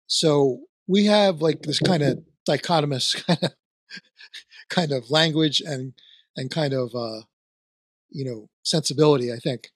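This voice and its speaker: A podcast host from New Jersey near Trenton, with a Philadelphia-area accent, casually interviews a guest, rambling through fillers and restarts. His voice is fairly high and unhurried, recorded clean in a studio with no room sound.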